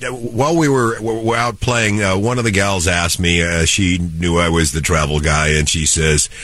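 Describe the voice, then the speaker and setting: A man's voice: low-pitched, fairly even intonation, normal speed, a bit bright, no room sound. A man in his sixties, nasal from a head cold, co-hosting a chat show and telling rambling stories. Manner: rambling storyteller with many restarts and fillers. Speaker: radio show co-host. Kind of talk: casual chat.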